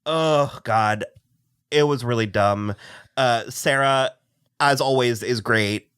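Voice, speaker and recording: A man's voice: mid-range voice, takes it slowly, a bit bright, clear, resonant tone. A man co-hosting a TV recap podcast, chatting casually, rambling, trailing off mid-sentence and laughing often. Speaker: podcast co-host.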